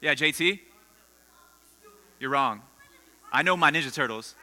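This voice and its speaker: Guy preaching to a school crowd, super bright sharp voice, chatty storytelling, big echoey hall. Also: a little high, measured pace. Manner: storytelling, quizzes the audience. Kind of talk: conversational sermon to students. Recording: long hall reverb with mains hum.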